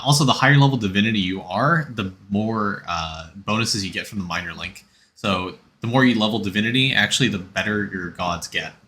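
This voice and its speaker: A man's voice: fairly low pitch, fairly bright tone. A man streaming a game, chatting casually and rambling as he answers chat and gives game tips.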